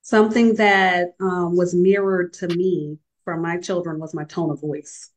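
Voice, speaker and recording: Reflective, low-voiced middle-aged woman. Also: steady tone, measured pace, low-quality recording. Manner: reflective, candid sharing. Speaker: panelist at a faith-based women's summit. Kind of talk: conversational panel discussion.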